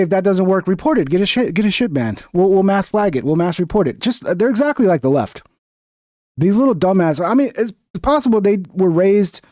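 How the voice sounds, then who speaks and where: High-voiced mocking male commentator. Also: warm tone, no room sound, clean studio sound. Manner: mocking, profane, combative. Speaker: commentary streamer. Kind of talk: reacting to clips, casual commentary.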